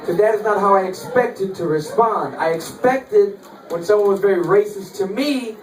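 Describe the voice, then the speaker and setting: A man's voice: high-pitched, moderate pace. A man performing a stand-up comedy set in the back room of a bar, telling stories with wry timing and acting out the dialogue. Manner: animated, wry storytelling with acted-out dialogue. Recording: echoey bar room, mic at a distance, audience laughter. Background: live audience laughing.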